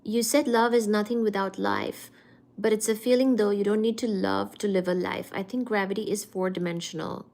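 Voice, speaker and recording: A woman hosting a casual study-with-me livestream, chatty and expressive as she reads and answers viewer comments. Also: mid-range voice, moderate pace, creaky. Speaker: livestream host.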